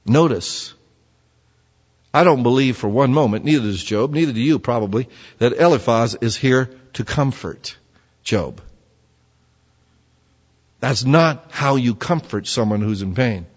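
A man's voice: mid-range voice, lively intonation, a little slow, pauses often. A man preaching a sermon in a conversational way, full of rhetorical questions. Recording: dull sound with long hall reverb.

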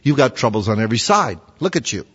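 A man's voice: mid-range voice, sing-song, fast, a bit bright, breathy edge. A man preaching a sermon in a conversational way, full of rhetorical questions. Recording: dull sound with long hall reverb.

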